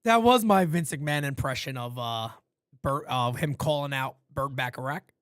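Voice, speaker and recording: A man calling a baseball game live for fans from his home studio, shouting on big plays and muttering low asides between pitches. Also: normal speed, dry recording. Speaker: play-by-play streamer. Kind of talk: live fan play-by-play commentary.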